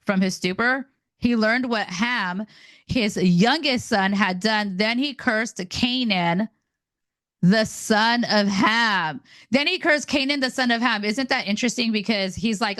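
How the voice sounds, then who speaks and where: A woman's voice: on the high side, unhurried, a bit bright, no room sound. A woman hosting a daily Bible reading, reading verses and adding chatty, laughing asides while stumbling over names. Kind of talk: casual Bible reading with commentary.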